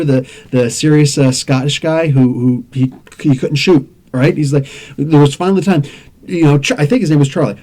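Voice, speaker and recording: A man in his forties hosting a podcast in a rambling, animated rant, laughing often and swearing now and then. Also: fairly high pitch. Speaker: podcast host. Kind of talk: casual rant.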